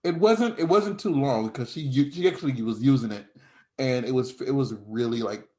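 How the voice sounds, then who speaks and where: A man hosting a casual podcast, talking in a rambling, halting way. He often stops and restarts his sentences. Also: mid-range voice, warm tone. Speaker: podcast host.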